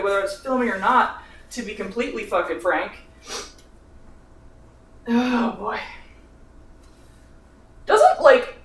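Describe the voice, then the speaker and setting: A man's voice: sits high, fairly bright tone. A young man in his twenties rambles through a casual cooking vlog, worn out and sick from sunburn. He mocks himself, swears freely and keeps breaking into laughter. His voice comes from a distance in an echoey kitchen. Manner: rambling, self-mocking, swears often, laughs between phrases. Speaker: vlogger. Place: home kitchen while cooking.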